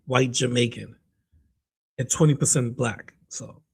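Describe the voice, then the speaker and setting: A man's voice: medium pitch, steady tone, measured pace, creaky, darkish tone, husky. Laid-back man hosting a live stream. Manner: laid-back, greets chat by name, trails off mid-sentence. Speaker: streamer host reacting to clips. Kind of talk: casual live-stream commentary.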